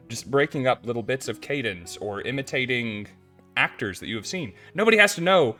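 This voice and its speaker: A man's voice: medium pitch, expressive, brisk, bright, forceful tone, faint music behind. A man hosting a casual podcast chat, thinking aloud and poking fun at himself. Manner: conversational, thinking aloud, self-deprecating. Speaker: podcast host.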